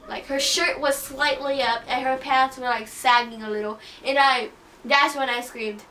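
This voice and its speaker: Woman, high pitch, dramatic student storyteller; off-mic with a music bed. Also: a little hiss or hum. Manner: dramatic, animated storytelling with acted-out quotes. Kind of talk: personal scary story told for class. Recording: distant voice with music behind.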